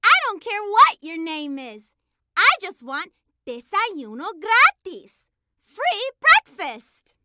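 Squeaky bilingual Dora. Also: female voice, sing-song, takes it slowly, heavy background noise, heavily acted. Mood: perky. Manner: sprinkles Spanish words, then translates them. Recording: loud music under the voice. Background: loud children's music.

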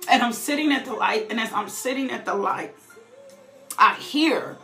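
Woman, fervent testimony, repeats herself, laughs through it, slightly high voice. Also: animated, normal speed, bright, forceful tone, soft background music. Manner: repetitive, fervent, breaks into laughter. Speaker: testifying believer. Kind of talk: emotional personal testimony. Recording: roomy echo.

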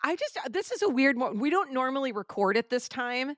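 A woman with a fairly high voice hosts a casual faith podcast. She is chatty and upbeat and laughs easily. The sound is close and dry, with no room ring. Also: very animated, brisk, fairly bright tone, no echo. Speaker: podcast co-host.

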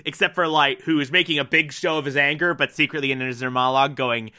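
A man's voice: on the high side, steady tone, fast, few pauses, bright, forceful tone. A man chatting casually through a story recap, laughing often and throwing in sarcastic asides. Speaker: anime recap host.

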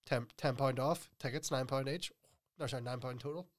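A man co-hosting a casual podcast chat, relaxed and rambling, often trailing off quietly. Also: mid-range voice, brisk. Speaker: podcast co-host.

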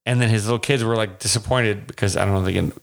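A man's voice: lowish voice, steady tone, fast talker, creaky. A man from Las Vegas, co-hosting a podcast, telling rambling stories in casual chat with many restarts. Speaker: podcast co-host.

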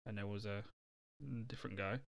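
Laid-back co-host, low gravelly voice, dry close sound, short wry remarks. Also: male voice, level tone, a little fast, a bit bright, no room sound. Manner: laid-back, short quips, chuckles often. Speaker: podcast co-host. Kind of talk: casual film chat.

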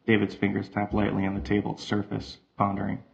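Gravelly, flat-voiced male narrator. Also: fairly low pitch, fairly quick. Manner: steady, even reading. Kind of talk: audio drama narration. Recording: slightly muffled with faint music.

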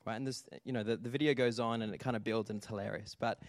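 A man preaching a lively sermon, telling stories and calling out to the congregation for responses. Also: mid-range voice, quick pace, no echo, clean studio sound. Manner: animated storytelling with audience call-outs. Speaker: pastor.

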